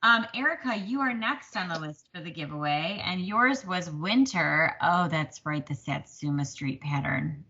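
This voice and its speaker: Her lowish voice has lively intonation and a sharp tone, moving at normal speed with hardly any pauses. As co-host of a casual stitching podcast she's chatty, self-deprecating and quick to laugh, and the audio is slightly dull and lo-fi.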